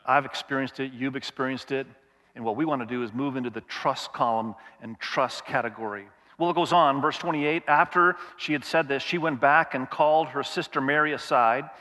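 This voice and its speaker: A man's voice: mid-range voice, moderate pace, bright, forceful tone, in a large hall. A male pastor preaching a sermon, reading scripture aloud and asking the congregation questions as he goes.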